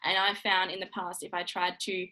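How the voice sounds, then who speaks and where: A woman hosts a relaxed interview. She talks in an encouraging, easygoing way, with casual fillers. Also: lowish voice, normal speed, low-quality recording. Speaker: interviewer, team leader.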